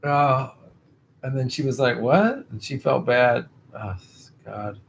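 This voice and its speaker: A man's voice: mid-range voice, takes it slowly, creaky, a little hiss or hum. A male host chatting casually on a political livestream, rambling and swearing, tired and losing his voice.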